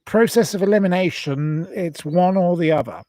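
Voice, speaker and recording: A man hosting a casual livestream talk, indignant and rambling as he jumps from complaint to apology. His voice sits a little high, and the recording is close and dry. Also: moderate pace, warm tone, dry recording. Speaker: channel host. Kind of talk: ranting livestream chat.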